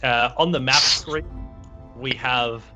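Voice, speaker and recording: A man narrating a tabletop game as game master, relaxed with many fillers. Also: medium pitch, slow pace, faint music behind.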